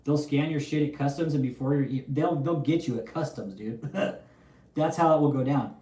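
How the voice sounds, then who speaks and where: A man's voice: on the high side, normal speed, reverberant, distant mic. Profane man ranting on a livestream. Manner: profane, animated, chatty. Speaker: livestream host. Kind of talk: casual livestream commentary.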